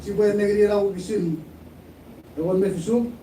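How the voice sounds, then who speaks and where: A man with a high, mellow voice preaches in a sermon, often repeating his phrases. He sounds a little distant from the mic, in an echoey room. A faint hiss sits under his voice. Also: fairly even intonation, normal speed. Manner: preaching, mixing English with Chuukese, repeating phrases. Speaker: pastor.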